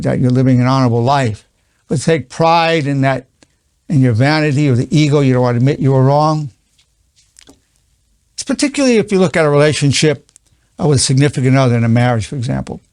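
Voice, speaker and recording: A man's voice: mid-range voice, a little mellow, no room sound, studio quality. A man in his eighties, a psychologist giving an earnest spoken lesson, repeating key phrases with stammering restarts. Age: 80s.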